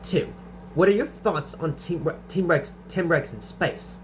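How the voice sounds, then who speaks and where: A young man with a slightly high voice answers viewer questions in a casual vlog. He stumbles, repeats words and restarts his sentences as he goes, over a faint steady hum. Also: unhurried. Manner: stutters and restarts sentences often.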